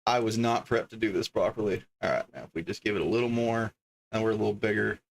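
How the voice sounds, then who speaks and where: A man's voice: lowish voice, fairly even intonation, quick pace, creaky, slight background noise. Chatty man streaming from his desk. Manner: chatty, thinks aloud, reads card names as he goes. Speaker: livestreamer opening card packs. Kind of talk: casual livestream chatter. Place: home desk.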